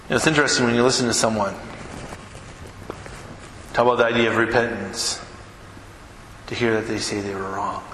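A man's voice: lowish voice, steady tone, brisk, long pauses, fairly bright tone. Man preaching in a reverberant hall. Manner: storytelling with acted-out quotes. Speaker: pastor. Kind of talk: sermon. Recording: echoey hall with ambient noise.

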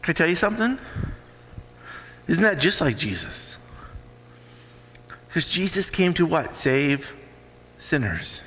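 A man's voice: on the high side, big pitch swings, a little slow, long pauses, pushed and bright, in a large hall, a little hiss or hum, low-quality recording. A man preaching a sermon with emphatic call-and-response questions to the congregation.

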